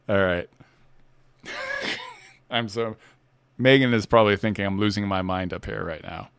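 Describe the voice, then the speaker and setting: A man's voice: fairly low pitch, takes it slowly, long pauses, fairly bright tone, clean tone, no echo. A man hosting a casual livestream chat who talks playfully and laughs often. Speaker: host.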